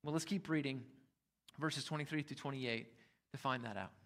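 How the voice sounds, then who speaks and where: A man preaching a sermon as pastor, talking conversationally with emphatic rises and quiet drops. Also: mid-range voice, normal speed.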